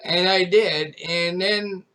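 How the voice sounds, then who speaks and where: A man with a notably high voice chats to his audience as a streamer. His storytelling wanders, full of restarts and repeated phrases. The tone stays casual and unscripted throughout. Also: fairly even intonation, slow pace, sharp tone. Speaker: gaming YouTuber and streamer.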